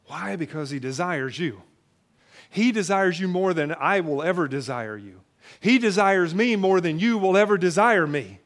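A male pastor giving an emphatic, conversational sermon in a church, often repeating phrases for weight. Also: high voice. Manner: emphatic, conversational preaching with repetitions.

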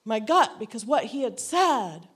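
A woman's voice: fairly high pitch, sing-song, a little slow, fairly bright tone, breathy edge. A woman giving a personal testimony to a church, earnest and reflective, repeating phrases for emphasis. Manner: acts out quoted dialogue in her story.

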